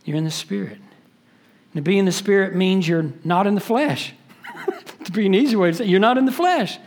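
A pastor preaching a sermon, stressing words by repeating them and switching between quick and slow delivery. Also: high voice, huge pitch swings.

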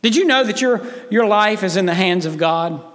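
A man's voice: high-pitched, expressive, moderate pace, a bit bright, big-room sound. A man preaching a sermon as pastor, earnest and emphatic, appealing directly to his listeners.

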